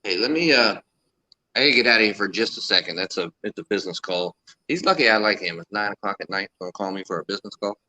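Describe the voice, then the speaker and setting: Brief: very deep-voiced man, sharp edge, mutters fast on a call. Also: expressive, a little hiss or hum. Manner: muttering quickly to himself.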